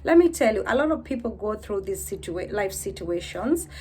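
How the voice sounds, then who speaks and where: A woman in her thirties vlogging to camera in a casual, heartfelt way, weary and low, repeating herself as she talks of faith. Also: animated, normal speed, dark tone, a little hiss or hum.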